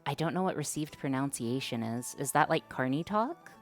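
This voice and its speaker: A woman's voice: very deep voice, animated, normal speed, soft background music. A woman streamer chatting casually with her viewers, hesitant and self-conscious, with many fillers. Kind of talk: casual live-stream chat.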